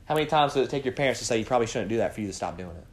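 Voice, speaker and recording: A man leading a morning Bible study, preaching with lots of rhetorical questions and swinging from quiet asides to loud cries. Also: mid-range voice, very fast. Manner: animated, fires rhetorical questions at the group.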